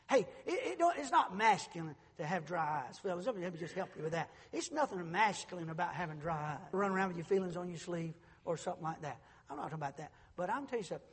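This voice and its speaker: A middle-aged man preaching a sermon as pastor, moving between quiet storytelling and shouted proclamation. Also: high voice, expressive, brisk, slightly rough, long reverb tail.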